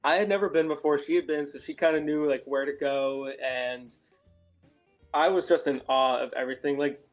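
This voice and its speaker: American man, friendly, rambling, slightly higher voice, soft music underneath. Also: steady tone, normal speed, lo-fi sound. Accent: American English. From Massachusetts, USA. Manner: friendly, rambling with fillers and laughs. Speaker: guest. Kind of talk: casual interview.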